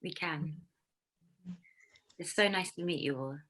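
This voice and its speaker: Low-voiced woman attendee, earnest, lots of "like"s. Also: measured pace, a bit bright. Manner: earnest and heartfelt, with many "like"s. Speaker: attendee, new jewellery maker. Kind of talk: casual video-call chat. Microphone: video call.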